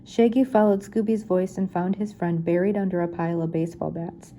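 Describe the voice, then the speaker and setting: An older woman reading a children's chapter book aloud in a gentle, unhurried storytelling manner. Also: lowish voice, steady tone. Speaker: reader.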